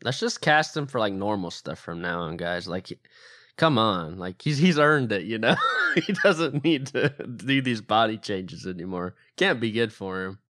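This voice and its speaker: A man's voice: fairly low pitch, lively intonation, unhurried, fairly bright tone, no echo, clean studio sound. A man co-hosting a podcast, chatting casually and playfully about a movie. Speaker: podcast co-host. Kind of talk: casual movie review chat.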